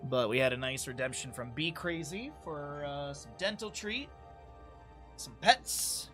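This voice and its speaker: Upbeat, bright-voiced male stream caster. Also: a little high, expressive, measured pace, faint music behind. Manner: casual, upbeat and jokey, chatting with viewers. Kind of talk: live-stream game commentary.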